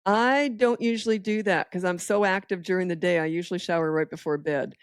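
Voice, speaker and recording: Firm, low-voiced woman parenting expert. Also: steady tone, a little fast, clear, resonant tone, dry recording, studio quality. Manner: firm, direct and matter-of-fact. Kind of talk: casual podcast chat.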